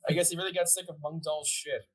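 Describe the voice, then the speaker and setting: Puzzled husky-voiced player. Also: mid-range voice, fairly even intonation, fast, rough recording. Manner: puzzled, stumbling restarts. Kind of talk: casual chat.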